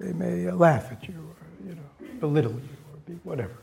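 A man's voice: fairly high pitch, animated, fairly quick, vocal fry, hardly any pauses, dark tone. A man giving a dharma talk in a loose, conversational way, with frequent fillers, who reads story passages aloud with rising force. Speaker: dharma teacher.

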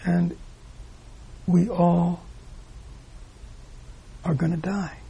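A man giving a reflective Buddhist dharma talk to a room of listeners, posing rhetorical questions and often dropping his voice to a hush. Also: sits high, little pitch movement, extremely slow, creaky, breathy edge, rough recording. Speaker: Buddhist teacher. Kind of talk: dharma talk to a live audience. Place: room with a gathered audience.

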